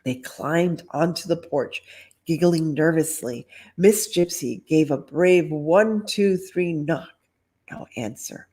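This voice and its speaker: A woman's voice: sits low, slow pace, warm tone. A middle-aged woman reading a children's storybook aloud, with chatty asides. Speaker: storytime reader.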